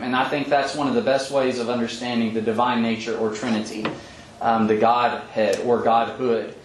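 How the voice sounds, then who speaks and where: A man giving a verse-by-verse bible teaching, explaining thoughtfully with frequent pauses and ums. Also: medium pitch. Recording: echoey room with faint background hum.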